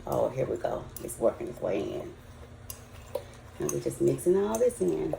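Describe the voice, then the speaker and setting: A woman's voice: extremely low pitch, very animated, moderate pace, vocal fry, dark tone, slight background noise. An older woman with a Southern US accent, chatting folksy and casual to viewers as she cooks in her home kitchen. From Southern United States. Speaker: home cook. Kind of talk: casual cooking vlog. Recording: roomy, echoey kitchen.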